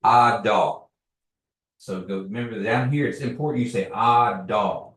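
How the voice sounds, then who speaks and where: A man teaching a language class, patiently repeating words slowly for learners. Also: lowish voice, fairly bright tone. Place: classroom, echoey room. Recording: echoey room, distant mic.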